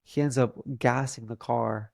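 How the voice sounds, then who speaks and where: A man's voice: mid-range voice, steady tone, measured pace, vocal fry, a little mellow, no room sound, clean studio sound. A young man telling a personal story in a casual, earnest way, often saying "like" as a filler. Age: young adult. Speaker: podcast guest.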